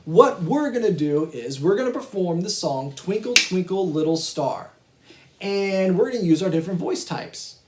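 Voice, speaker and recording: A man's voice: high voice, expressive, moderate pace, a little hiss or hum. A male music teacher giving a virtual kindergarten lesson, patient and encouraging as he talks to young children and their families. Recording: echoey room.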